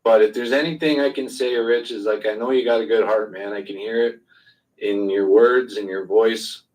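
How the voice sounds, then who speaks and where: A man in an online voice chat, calmly consoling and reassuring another participant. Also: fairly low pitch, normal speed, distant mic, rough recording. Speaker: Twitter space participant. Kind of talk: group voice chat.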